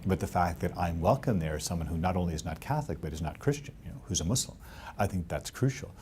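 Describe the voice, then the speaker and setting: A middle-aged man with a very low, deep voice answers interview questions as a professor. He talks earnestly and returns to his main points again and again. A faint hiss of noise sits under the recording. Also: fast talker, darkish tone. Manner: earnest, repeats key points, many "you know" fillers. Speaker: professor of theology.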